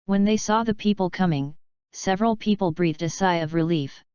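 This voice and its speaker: Woman with a very smooth, clear voice. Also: lowish voice, normal speed, a little mellow, no echo. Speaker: audiobook reader. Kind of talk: reading fan fiction aloud. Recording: slightly dull lo-fi recording.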